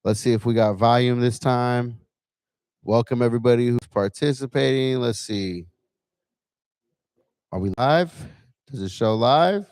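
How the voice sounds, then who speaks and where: A man's voice: mid-range voice, a little slow, pauses often, darkish tone, smooth, no room sound. A man hosting a casual livestream from a bar lounge, chatty and laid-back, testing his gear as he talks. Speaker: livestream host.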